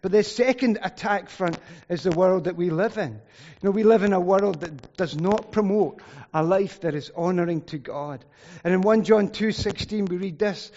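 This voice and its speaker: A middle-aged man delivers a sermon in an earnest, conversational manner, his voice pitched rather high. The sound is muffled and carries a long hall reverb. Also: moderate pace, darkish tone. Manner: earnest, conversational, many "you know" asides. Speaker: preacher.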